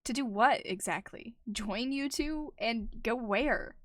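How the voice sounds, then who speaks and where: A woman's voice: on the high side, takes it slowly, no echo, studio quality. A woman voicing an eager young male house cat in a fan-made cat movie, curious and a bit unsure.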